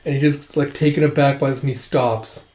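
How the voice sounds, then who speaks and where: Male vlogger for a casual recap, animated storyteller, middle pitch, roomy echo on the recording. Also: a little fast. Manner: animated, acts out quotes, says "it's like" often.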